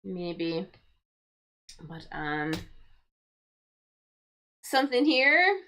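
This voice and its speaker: A woman's voice: fairly low pitch, very animated, very slow, sharp tone. A woman hosting a casual crossword livestream for English learners, thinking aloud and explaining word meanings patiently.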